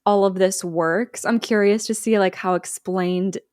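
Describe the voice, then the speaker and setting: A woman co-hosting a podcast, excitable and chatty, swearing and thinking aloud about theories. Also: medium pitch, measured pace, dry recording, studio quality. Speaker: podcast co-host listening to a plot. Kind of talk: casual chat.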